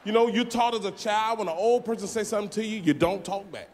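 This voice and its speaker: High-voiced man shouting stand-up punchlines. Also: quick pace. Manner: loud, often shouting punchlines. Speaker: comedian. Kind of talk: stand-up comedy. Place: large theater stage. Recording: live theater show, loud crowd and noise.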